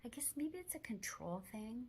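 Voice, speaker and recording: A woman hosting a self-help video, talking gently and mostly in a whisper, with firmer spoken phrases now and then. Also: a little high, very animated, normal speed, slight background noise.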